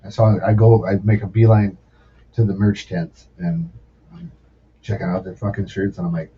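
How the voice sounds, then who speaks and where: Speaking at a moderate pace in a lowish voice, this former sous chef in his forties guests on a casual podcast, telling profane, wandering stories with lots of animation. The sound is dull and lo-fi from a distant mic, with faint noise behind.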